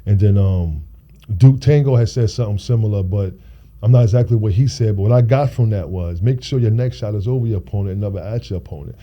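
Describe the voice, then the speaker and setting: A man's voice: fairly low pitch, fast talker, highs cut off. A man chatting casually as a podcast guest, with stammering restarts and a laid-back manner. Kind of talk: casual chat.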